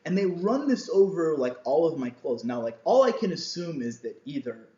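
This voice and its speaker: Animated storytelling man, roomy lo-fi sound. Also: a little high, moderate pace. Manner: animated storytelling, acts out voices, laughs often. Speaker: podcast guest. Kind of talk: casual chat. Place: small mobile studio.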